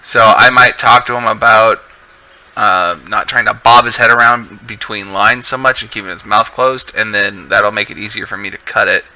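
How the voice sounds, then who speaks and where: A man with a low but strikingly bright voice chats casually on a live stream while editing. He rambles and restarts mid-thought as he works through the cuts. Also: steady tone, normal speed, a little hiss or hum, poor audio. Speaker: video editor streaming his work.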